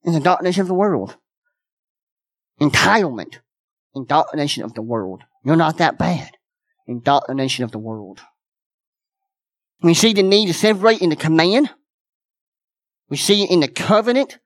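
A man's voice: a little high, sing-song, moderate pace, long pauses, no echo. A man preaching a sermon as pastor, folksy and repetitive, with many restarts.

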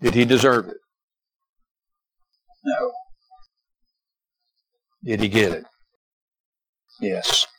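An older man preaching a sermon as pastor, swinging from loud emphatic peaks down to quiet, low passages and repeating rhetorical questions to the congregation. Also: very slow, pauses often, slight background noise, low-quality recording. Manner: repeats "Can I tell you" and asks for amens.

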